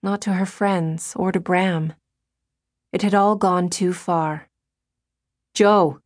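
A woman reading a novel aloud as an audiobook narrator, in a measured storytelling manner. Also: lowish voice, fairly even intonation, a little mellow. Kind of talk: scripted narration.

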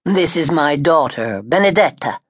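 A woman voicing a booming Italian father. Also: lively intonation, slightly rough, dry recording, studio quality. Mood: plain. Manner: booming, slow.

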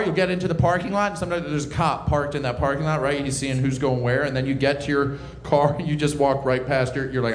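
A man doing a stand-up comedy set, telling a story excitably and laughing at his own jokes. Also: on the high side, brisk, reverberant, background noise.

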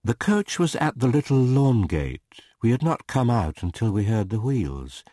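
A man with a medium-pitched voice narrates a classic novel as an audiobook, reading in a measured, expressive way. The recording is dry and studio quality.

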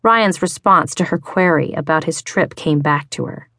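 A woman with a low voice reads an audiobook in a measured, even way. She is recorded close in a booth, and the sound is completely dry. The narration is steady and scripted. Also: dry recording. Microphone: close studio mic.

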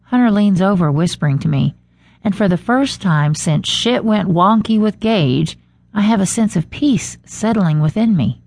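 A woman's voice: medium pitch, lively intonation, normal speed, darkish tone, no echo. A woman narrating a first-person audiobook with an intimate inner-monologue manner, recorded close on a studio mic.

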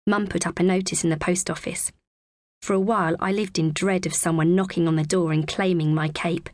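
A woman narrating a children's audiobook in the first person with a clear, expressive, measured reading. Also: lowish voice, dry recording.

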